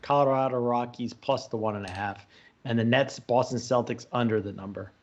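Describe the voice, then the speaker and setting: A man's voice: medium pitch, fairly even intonation, brisk, muffled recording, a little hiss or hum. A man on a sports betting panel, stating his picks in a plain, matter-of-fact way. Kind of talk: casual chat.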